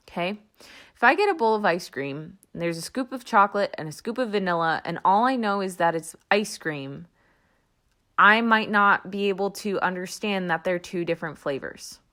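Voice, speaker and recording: Soothing woman host, lowish voice. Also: fairly bright tone. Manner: soothing, reassuring, with light laughs. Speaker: podcast host, energy work coach. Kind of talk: casual spoken podcast teaching.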